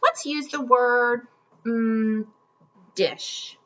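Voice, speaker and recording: A woman teaching a children's phonics lesson, speaking upbeat and clearly enunciated, in a slightly muffled home video recording. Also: fairly high pitch, animated, takes it slowly, bright, forceful tone.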